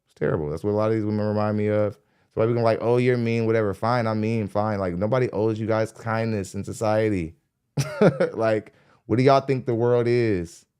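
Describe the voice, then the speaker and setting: A man hosting a podcast, giving blunt, animated commentary as he reacts to a clip, laughing often between points. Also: lowish voice, a little fast, clear, resonant tone. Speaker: podcast host reacting to a dating show clip. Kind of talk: casual commentary. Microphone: studio dynamic mic.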